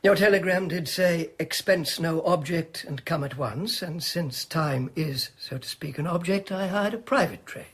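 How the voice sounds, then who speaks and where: An actor playing a shrewd, genteel private detective in a radio drama, mild, dry and unhurried. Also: male voice, a little high, a bit bright, breathy edge. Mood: amused.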